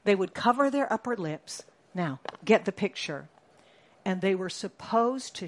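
A woman preaching a sermon to a congregation, animated and rising to sudden shouts for emphasis. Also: medium pitch, measured pace.

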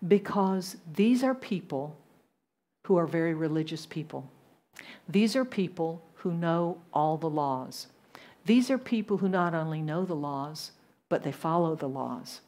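A woman with a softened Southern American accent preaching a sermon to a congregation, animated and asking them questions. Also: low voice, a little slow. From Southern United States. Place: church congregation abroad.

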